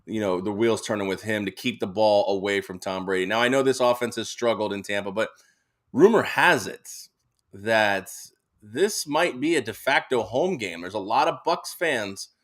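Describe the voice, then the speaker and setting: A man's voice: lowish voice, moderate pace, a bit bright. A man co-hosting a sports radio show, rambling through betting picks with lots of fillers and easy laughs. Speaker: co-host. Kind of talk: casual sports betting chat.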